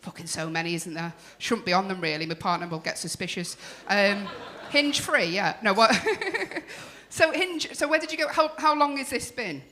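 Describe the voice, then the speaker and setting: A woman's voice: mid-range voice, expressive, normal speed, sharp tone, a little hiss or hum. A woman hosting a comedy club night, teasing the crowd in brash, sweary banter. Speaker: stand-up comedy compere. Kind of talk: stand-up crowd work.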